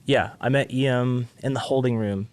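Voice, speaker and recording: A man's voice: mid-range voice, normal speed, smooth. A young man from Tennessee, a singer guesting on a podcast, telling his story casually and acting out what others said. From Tennessee, USA. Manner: animated storyteller who acts out quotes.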